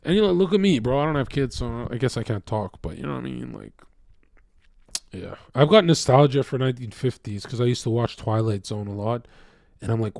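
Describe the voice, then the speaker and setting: A man in a mid-range voice rants at his viewers, profane and combative. He jumps from loud outbursts to low mutters, and the sound is dry and close with no room. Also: creaky, no room sound. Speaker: streamer. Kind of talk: casual ranting to viewers.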